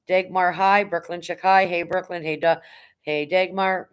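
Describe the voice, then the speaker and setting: A woman's voice: lowish voice, fairly even intonation, normal speed, smooth. Chatty middle-aged woman streaming. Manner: rambling, chatty, greets viewers by name; blunt, occasional swearing. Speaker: livestream host. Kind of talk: casual livestream chat.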